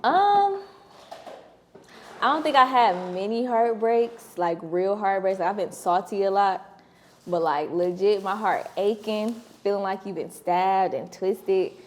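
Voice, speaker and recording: A woman's voice: medium pitch, a little slow. A woman co-hosting a podcast, chatting candidly in slangy casual speech and laughing through her stories. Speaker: podcast co-host. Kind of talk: casual chat.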